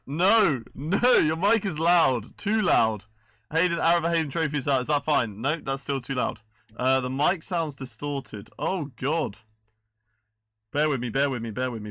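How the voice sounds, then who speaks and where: Bright chatty male streamer. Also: medium pitch. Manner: chatty, fiddling with settings, checking with chat. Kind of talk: casual live-stream chat. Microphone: desk microphone.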